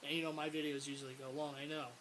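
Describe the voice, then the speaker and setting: In a casual video to camera, a sports fan vlogger rants about his team, frustrated and rambling, repeating words and bursting out in exasperation. His voice is fairly high and bright, flat in delivery and very fast. The low-quality recording carries a faint hiss.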